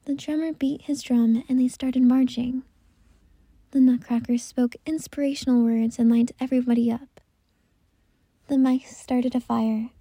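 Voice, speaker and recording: Soft-voiced woman telling a bedtime story. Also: high-pitched, breathy edge, no echo.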